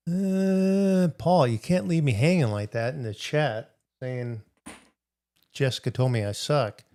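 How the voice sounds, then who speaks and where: A man's voice: medium pitch, slow pace, warm tone, clear, resonant tone. Middle-aged guy on a livestream, rambling story, chatting with viewers. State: recovering from hip replacement. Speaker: livestream host. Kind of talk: casual livestream chat.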